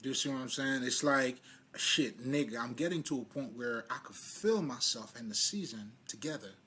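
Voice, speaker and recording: A man's voice: medium pitch, expressive, normal speed, bright, forceful tone, slightly rough. A man giving a loose, casual spiritual monologue in street slang, swearing freely and often laughing at himself. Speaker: spiritual vlogger.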